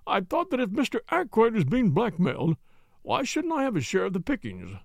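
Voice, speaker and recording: A man's voice: high-pitched, wildly swooping pitch, fairly quick, vocal fry, a little mellow, no echo, clean studio sound, voice pushed up, exaggerated voice. A man voicing an anxious, cringing middle-aged butler who stammers and pleads deferentially in an audiobook. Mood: pleading. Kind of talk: audiobook character voice.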